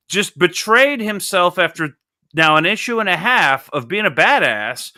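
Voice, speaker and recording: A young adult man hosting a casual comic book review, animated, joking and swearing freely. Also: high-pitched. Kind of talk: casual podcast chat.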